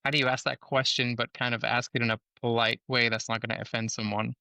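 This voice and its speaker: A man's voice: mid-range voice, little pitch movement, fast talker, creaky, pushed and bright, no echo. A man, a surgeon guest on a podcast, explaining things in a patient, educational way.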